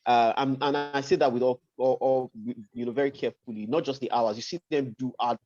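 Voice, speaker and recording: A man's voice: medium pitch, fairly even intonation, brisk, a little mellow, no echo, dull audio. A man hosting an interview, asking long careful questions with many fillers and restarts, over a remote call. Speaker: podcast host.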